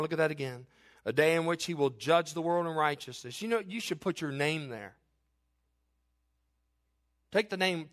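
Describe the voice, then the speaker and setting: An impassioned middle-aged male preacher with a high-pitched voice. He reads scripture aloud and presses his hearers, his voice climbing and swelling toward near-shouts when he drives a point home. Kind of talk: sermon.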